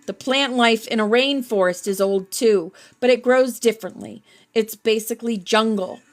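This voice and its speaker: A woman's voice: a little high, normal speed, close to an everyday voice. Friendly forty-something guy, fit, outdoorsy, as a lady reads him in her normal voice. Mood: earnest. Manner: plain reading, hardly changed from her narration. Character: friendly fit middle-aged male researcher.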